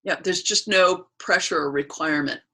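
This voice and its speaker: A woman runs a training session over a video call. Her voice sits slightly low, and she speaks gently and thoughtfully. She often pauses mid-sentence while searching for the right words. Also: husky. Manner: soft, unhurried, searching for words. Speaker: workshop facilitator. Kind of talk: calm reflective talk in a training session.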